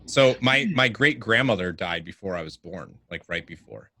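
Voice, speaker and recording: A man's voice: low voice, animated, normal speed, sharp tone, dry recording. A man guest on a podcast, telling a casual story with many filler words. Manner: rambling, lots of "like" fillers.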